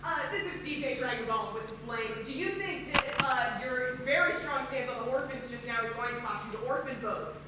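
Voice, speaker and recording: A woman's voice: fairly high pitch, brisk, very noisy, close to an everyday voice. A woman playing a cocky, pushy male radio DJ at a press conference, in live improv comedy. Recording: echoey stage from far off.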